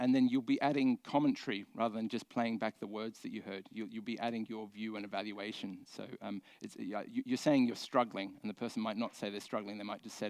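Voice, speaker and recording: A man's voice: medium pitch, no echo. A man giving a conference talk from a stage, speaking conversationally with many fillers and restarts.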